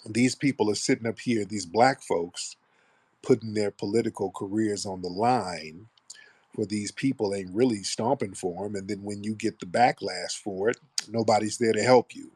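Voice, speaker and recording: A man's voice: lowish voice, normal speed, a little mellow, breathy edge. A man hosting a live political commentary show, blunt and mocking, with rambling asides. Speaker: radio show host.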